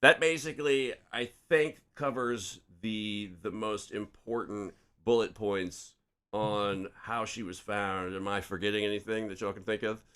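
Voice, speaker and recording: A man's voice: fairly low pitch, steady tone, measured pace, a bit bright, smooth. A man hosting a casual podcast chat, opinionated and swearing freely. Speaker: podcast host.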